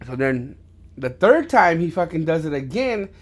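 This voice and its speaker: A man hosting a podcast with his son, telling stories in a loose, rambling way with many restarts and plenty of swearing. He gets loud and animated when he reaches the fights. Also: a little high, normal speed. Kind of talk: casual storytelling chat.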